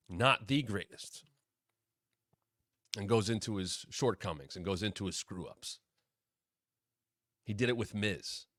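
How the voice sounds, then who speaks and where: A man hosting his own wrestling talk show, giving casual solo commentary and quoting people in quick asides. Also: mid-range voice, dry recording, studio quality. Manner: animated, drops into quoted voices.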